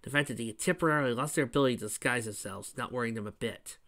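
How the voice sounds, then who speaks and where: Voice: medium pitch, racing, fairly bright tone. A fan reader narrating a fan story and adding chatty asides. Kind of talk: reading fan fiction with commentary.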